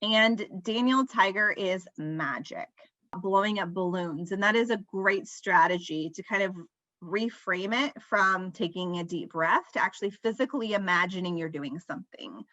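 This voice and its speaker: Bright-voiced woman presenting a parenting webinar. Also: medium pitch, moderate pace, dry recording. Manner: conversational and explanatory, gives relatable examples. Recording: slightly dull lo-fi, dry sound.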